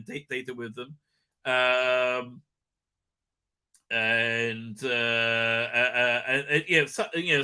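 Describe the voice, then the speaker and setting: A man hosting a live stream, rambling excitedly with lots of fillers and tag questions. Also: medium pitch, clear, resonant tone. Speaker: show host. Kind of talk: live-stream fan commentary.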